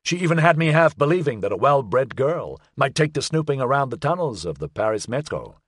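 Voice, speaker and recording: A man's voice: medium pitch, sing-song, fairly quick, slightly rough, no room sound, clean studio sound. A man voicing a weary, exasperated man in an audiobook. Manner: exasperated, wry.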